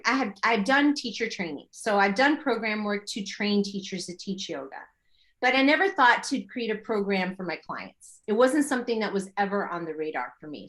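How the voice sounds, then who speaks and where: A middle-aged woman, a yoga teacher, chatting as an interview guest and telling animated stories full of her own remembered thoughts. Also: mid-range voice. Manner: animated storytelling with quoted inner thoughts. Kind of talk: casual interview chat.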